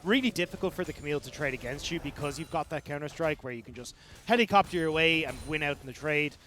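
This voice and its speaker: Fast, high-voiced analytical esports caster. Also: male voice, bright, forceful tone. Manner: explanatory, breaks down strategy. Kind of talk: analytical esports color commentary.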